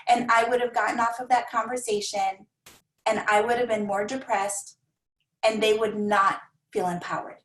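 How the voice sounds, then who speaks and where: A woman coaching a team of coaches in an energetic, repetitive manner, often acting out the voices of clients. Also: a little high, normal speed, reverberant, poor audio. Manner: energetic, repeats phrases, acts out clients' voices.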